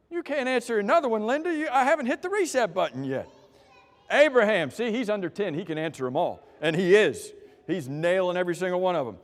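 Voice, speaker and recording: A man's voice: high voice, in a large hall. A man leading a church class through quiz questions, joking with the people who answer and calling on them by name. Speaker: Bible class teacher.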